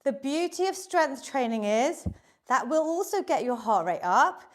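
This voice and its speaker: A woman's voice: high-pitched, sing-song, unhurried. A British woman leading a live online exercise class, upbeat and encouraging, counting down reps and a little out of breath. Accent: British English. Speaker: fitness instructor. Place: home workout room.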